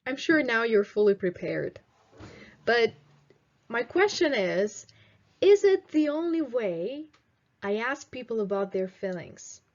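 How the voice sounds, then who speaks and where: A young woman teaching English in a video lesson, slowly modelling phrases for students to repeat. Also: fairly high pitch, big pitch swings, dull audio. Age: 20s. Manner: slow, clear teaching delivery with drilled example phrases.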